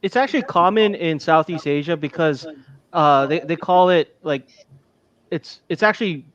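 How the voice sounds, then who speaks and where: A man chatting as a guest on a video call, halting and often repeating himself. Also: a little high, fairly bright tone, highs cut off. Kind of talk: casual chat.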